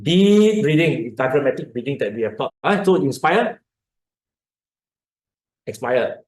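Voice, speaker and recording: In an echoey lecture hall, a Malaysian doctor with a medium-pitched, animated, slightly mellow voice speaks unhurriedly in Malaysian English. His informal health lecture is explanatory, with repeated words and demonstrations of breathing and huffing.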